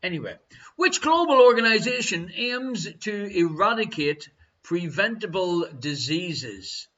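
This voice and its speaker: A man with an Irish accent hosting a live online quiz, chatty and teasing, reading each question slowly twice. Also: high voice, sing-song, fairly bright tone. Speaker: quiz host. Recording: dull lo-fi stream audio.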